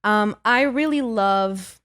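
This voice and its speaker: A woman's voice: medium pitch, slow, a bit bright, clean tone, no room sound, studio quality. A woman talking as a guest actor on a podcast, chatty and self-deprecating, laughing easily. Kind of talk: podcast interview chat.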